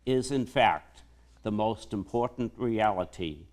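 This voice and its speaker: A male priest delivering a homily in a slow, measured preaching manner. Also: on the low side, a little mellow.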